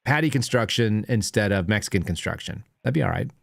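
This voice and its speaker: A man's voice: lowish voice, lively intonation, a little fast, creaky, no echo, clean studio sound. A man hosting a call-in show in casual chat, a rambling storyteller who laughs easily.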